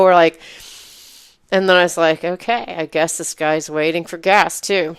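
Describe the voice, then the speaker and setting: Low-voiced woman telling a story. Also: moderate pace, clean tone, dry recording, studio quality. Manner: animated storyteller, laughing, acting out quotes. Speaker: podcast co-host. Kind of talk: casual chat.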